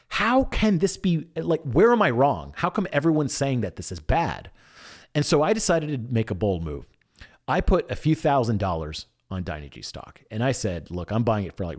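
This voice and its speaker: A young man telling a story in a casual monologue, with a voice that rises and falls a great deal. He drops into quiet asides and then bursts out in excited shouts. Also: mid-range voice.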